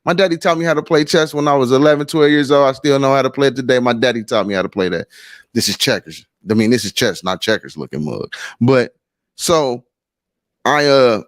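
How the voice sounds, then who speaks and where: A man's voice: medium pitch, brisk, dry recording, clean studio sound. A middle-aged man, telling a personal story on a podcast in a loose, rambling way. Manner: rambling, repeats himself, loose and conversational. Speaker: podcast host. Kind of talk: casual storytelling chat.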